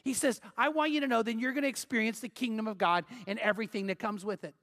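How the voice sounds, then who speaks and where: A man's voice: extremely high pitch, fairly even intonation, quick pace, a bit bright. A middle-aged male pastor preaching a sermon in an earnest, emphatic way, building with repeated phrases.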